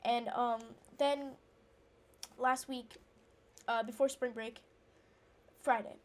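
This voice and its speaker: A woman tells a long, rambling personal story as she plays, sounding indignant and catching herself with ums and restarts. Her voice sits a little on the high side. Now and then she breaks off to react to the game. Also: fairly even intonation, slow pace. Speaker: gamer telling a story while playing. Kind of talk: casual storytelling chat.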